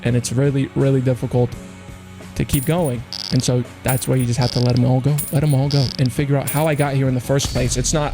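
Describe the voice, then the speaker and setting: A man's voice: mid-range voice, fairly even intonation, warm tone. A young man streamer rambling through a profane motivational monologue, intense and preachy. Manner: intense, rapid, profane, self-help preaching with mocking put-on quotes. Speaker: streamer opening cases. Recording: music playing underneath.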